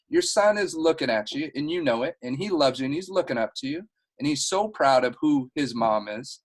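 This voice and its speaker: A man's voice: a little high, lively intonation, brisk, husky, rough recording. Earnest man leading a team call. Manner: earnest, heartfelt, rambling. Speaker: team leader. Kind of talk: motivational team meeting talk.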